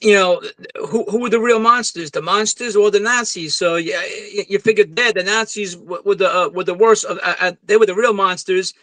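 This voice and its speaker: High bright guy gushing about old movies, dry close sound. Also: no echo, low-quality recording. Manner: enthusiastic, halting with fillers. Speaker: podcast co-host. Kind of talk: casual film chat.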